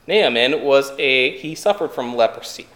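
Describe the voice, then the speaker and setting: A man's voice: medium pitch, lively intonation, moderate pace, fairly bright tone, roomy sound. A man preaching a sermon in a conversational way, asking the listeners rhetorical questions.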